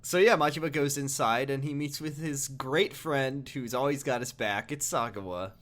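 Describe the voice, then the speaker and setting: Brief: man, podcast co-host, casual chat, laughs often, jumps into excited high bursts. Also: normal speed.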